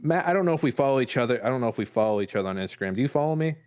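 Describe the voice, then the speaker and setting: A man in his thirties rambles through a self-deprecating story on a podcast, his voice sitting at an ordinary middle pitch. He restarts sentences often and swears casually. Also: expressive, racing, a little mellow, clear, resonant tone. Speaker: podcast co-host; improv performer and dad.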